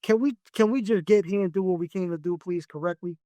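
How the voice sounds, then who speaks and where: A man's voice: sits high, fast, no echo. A man, a music producer, telling stories in a casual podcast interview and acting out the studio dialogue as he goes. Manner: animated, acts out studio dialogue as he tells it.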